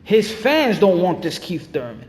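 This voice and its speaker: High-voiced man ranting in reverb. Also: sing-song, a little slow. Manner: fired-up, repetitive, emphatic. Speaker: boxing channel host. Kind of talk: ranting commentary.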